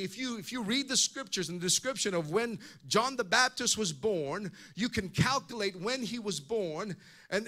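A man's voice: high-pitched, sharp tone. A male pastor preaching a sermon in an impassioned way, often repeating words as he goes.

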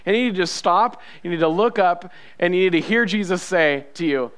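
A man's voice: sits high, fairly quick, fairly bright tone, smooth. A male pastor preaching a sermon, emphatic and repetitive, asking the congregation questions.

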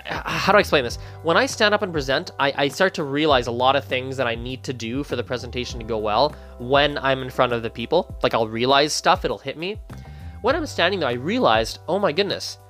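A man from Canada, chatting casually to camera as a language-learning video creator, animated and often restarting his sentences as he thinks aloud. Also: medium pitch, a little fast, soft background music.

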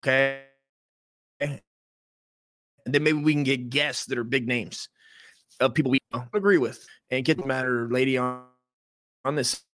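A man's voice: mid-range voice, unhurried, long pauses, a bit bright. A man hosting a podcast in a casual rant, rambling, swearing and cutting himself off mid-sentence. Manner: rambling, profane, self-interrupting. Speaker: podcast host.

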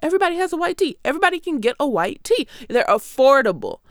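A woman's voice: high voice, sing-song, fast, no room sound, studio quality. A woman in her twenties from Michigan, giving a sarcastic, conversational comedy monologue. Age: 20s. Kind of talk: comedic monologue about song lyrics.

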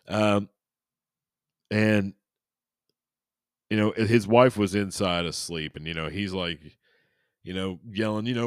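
Brief: male podcast host, deep voice, dry close sound, rambly and jokey. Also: a little slow, pauses often, dry recording. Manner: rambling and jokey, with many restarts and crude asides. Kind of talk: casual chat and reading aloud.

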